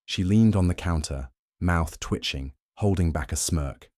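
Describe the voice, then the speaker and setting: Male narrator, very low voice, dry sound, cold and measured first-person story. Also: a little mellow, no echo.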